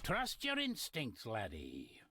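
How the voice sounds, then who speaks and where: A man's voice: medium pitch, wildly swooping pitch, slow pace, sharp tone, slight background noise, full character voice. An actor playing a cryptic, wary old Scottish man in a video game, with folksy dialect and ominous hints. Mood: advising. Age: older. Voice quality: gravelly, husky voice.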